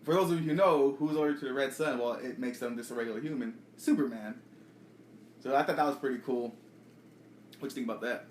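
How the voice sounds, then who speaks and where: A man racing through a casual, profane podcast recap of a comic book. His voice sits at an ordinary pitch. The room around him is echoey, with a faint hiss beneath. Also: quick pace.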